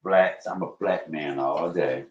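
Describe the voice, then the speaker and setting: A man cooking at home on a livestream, chatting to viewers as y'all and breaking into high excited bursts. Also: slow. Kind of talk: casual livestream cooking chat. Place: home kitchen. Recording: roomy, dull livestream audio.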